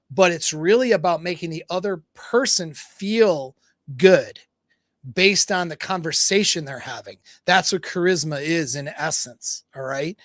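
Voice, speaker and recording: Rambling, fairly high-voiced male dating coach. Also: no echo. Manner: loose, rambling storytelling with many fillers and quoted dialogue. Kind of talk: livestream talk, retelling a story.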